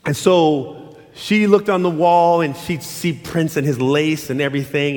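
A man's voice: moderate pace, a little hiss or hum. A middle-aged man preaching a sermon as pastor, telling stories and acting out quotes in shifting voices. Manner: animated, acts out quotes in high and low voices. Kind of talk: sermon with storytelling. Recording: long hall reverb.

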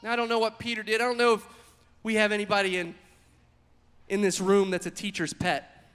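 A man preaching a sermon, telling the story with animated, acted-out quotes. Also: high-pitched, brisk, clean tone, long reverb tail. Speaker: pastor.

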